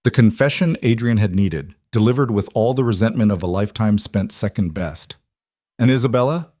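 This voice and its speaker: A man narrating a scripted story in an even, steady manner. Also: on the low side, fairly quick, dry recording, clean studio sound.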